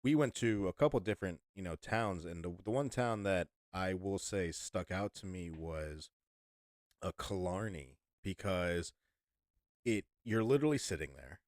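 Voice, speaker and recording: A man's voice: sits low, expressive, normal speed, no echo, clean studio sound. An American man co-hosting a podcast, telling a rambling travel story in a casual chat with lots of fillers and restarts. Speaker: podcast co-host.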